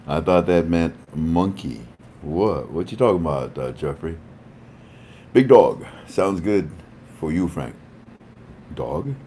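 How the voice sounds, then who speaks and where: Jokey livestream host, a man with a low, lively voice who takes his time. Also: takes it slowly, pauses often, slight background noise. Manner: playful, joking, rambling. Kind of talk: casual livestream chat with viewers.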